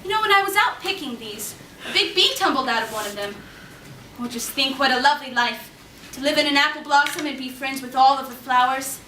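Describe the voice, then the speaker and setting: A woman's voice: sits high, animated, fairly quick, sharp tone. An actress playing an eager, dreamy orphan girl who talks in a gushing, effusive way, in a stage play recorded from a distance. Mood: enthusiastic. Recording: echoey hall, distant mic, faint noise.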